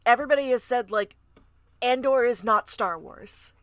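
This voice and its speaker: A woman's voice: a little high, lively intonation, normal speed, fairly bright tone, no room sound. Blunt young woman in a dry room. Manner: blunt, opinionated, filler-heavy. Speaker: podcast co-host. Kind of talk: casual chat.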